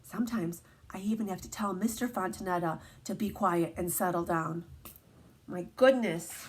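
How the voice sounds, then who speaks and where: A woman teacher reading a picture book aloud to children, animated and asking them questions as she goes. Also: fairly low pitch, moderate pace.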